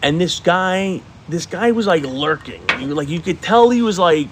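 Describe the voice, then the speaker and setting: A man's voice: high voice, lively intonation, normal speed, slight background noise. A man in his forties co-hosting a podcast, telling rambling stories in casual chat, swearing often and acting out what people said. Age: 40s. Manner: rambling storyteller, swears a lot, acts out quotes loudly. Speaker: podcast co-host.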